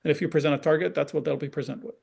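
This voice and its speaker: A man talks parents through examples in a relaxed, explanatory online session. His voice sits a little high and carries a gravelly edge. He keeps checking in with his listeners and slips into quoted dialogue to act out the examples. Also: very fast. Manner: conversational, often checks in with "right?". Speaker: parenting educator and forum guest.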